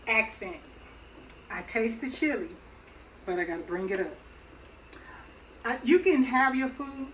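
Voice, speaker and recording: A woman's voice: fairly high pitch, lively intonation, a little slow, pauses often, a bit bright, slight background noise, rough recording. A middle-aged woman hosting her own cooking channel, talking through a casual demonstration at her kitchen stove in a chatty, folksy way, laughing easily. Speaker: home cook and channel host.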